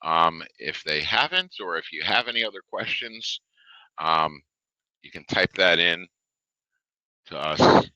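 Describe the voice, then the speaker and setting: A man presenting a software webinar in a loose, conversational way, with lots of fillers, reading questions off a live chat at his desk. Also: low voice, expressive, a little slow, long pauses, no echo, muffled recording. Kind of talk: casual product webinar.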